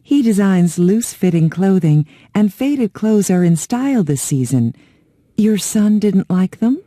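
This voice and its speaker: A woman's voice: medium pitch, expressive, unhurried, mellow, no room sound, clean studio sound. A woman as a breezy shop clerk. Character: breezy female shop clerk, trend-minded.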